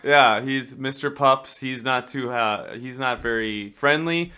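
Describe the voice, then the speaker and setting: A man's voice: mid-range voice, unhurried, pushed and bright, clean tone. A man co-hosting a podcast, joking in a laid-back way about a film. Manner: jokey, laid-back, playful. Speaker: podcast co-host. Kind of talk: casual film discussion.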